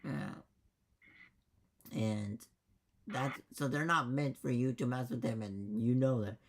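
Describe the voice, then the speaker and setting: A man's voice: mid-range voice, slow. A man, the dungeon master, rambling emphatically and swearing in a casual chat after a game.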